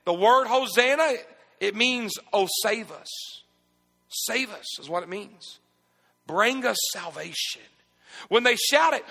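A pastor preaching a sermon in a high, bright voice that climbs into shouted emphasis and drops into folksy asides. His voice rings with long reverb in a church sanctuary. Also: lively intonation, normal speed.

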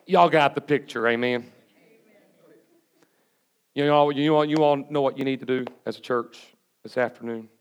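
A pastor preaches a sermon to his congregation in a church sanctuary, his medium-pitched voice steady and smooth, moving at a moderate pace with long pauses. He's folksy and plain-spoken, calling for responses from the pews.

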